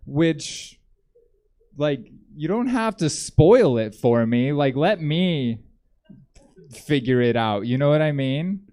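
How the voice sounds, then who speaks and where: Deadpan rambling male stand-up comic. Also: fairly high pitch, slow pace. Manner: rambling deadpan delivery, many ums. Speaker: stand-up comedian. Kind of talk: stand-up comedy set. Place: comedy theater stage.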